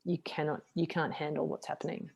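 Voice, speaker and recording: A woman's voice: low voice, a little fast, creaky, breathy edge. A middle-aged woman, a podcast guest telling a personal story frankly and with a self-deprecating edge. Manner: frank, self-deprecating, animated retelling with acted quotes. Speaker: podcast guest, martial artist. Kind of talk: candid interview storytelling.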